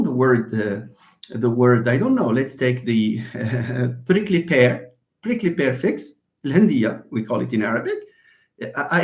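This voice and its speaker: A man giving a live linguistics lecture, explaining and answering his own questions. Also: fairly high pitch. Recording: roomy echo.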